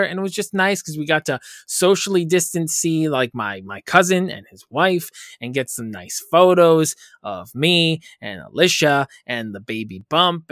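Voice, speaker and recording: A man's voice: medium pitch, a bit bright, no echo, studio quality. A young man co-hosting a casual podcast chat, joking and swearing as he tells stories. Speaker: podcast co-host.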